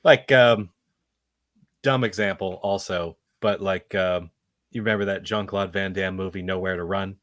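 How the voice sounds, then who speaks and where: Rambling low-voiced man reviewing a movie. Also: fairly even intonation, normal speed, fairly bright tone, dry recording, studio quality. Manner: rambling, lots of ums, swears casually. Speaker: podcast host. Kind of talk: casual movie review chat.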